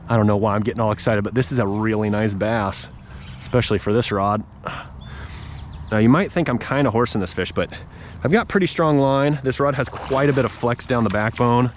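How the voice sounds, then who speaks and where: A man's voice: on the low side, a little fast, slight background noise. Chatty man fishing on a lake. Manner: chatty, talks to the fish and viewers. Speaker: fishing vlogger. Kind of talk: casual running commentary while fishing. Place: outdoors on a lake, on a paddle board.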